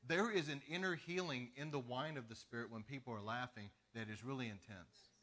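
A pastor preaching a sermon, telling stories in an animated way with laughter between lines. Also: male voice, mid-range voice, fairly quick.

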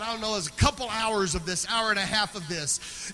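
A man pastor preaching a sermon, telling a personal story that builds into loud, chanting preaching. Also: sits high, brisk, poor audio.

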